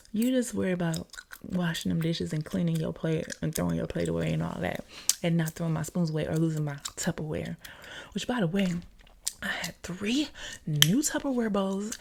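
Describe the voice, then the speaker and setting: Chatty woman with a low, gum-chewing voice. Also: vocal fry, darkish tone, a little hiss or hum. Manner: chatty storytelling, ranting, with whispered asides. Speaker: ASMR creator. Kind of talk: casual ASMR chat while chewing gum. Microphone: close ASMR microphone.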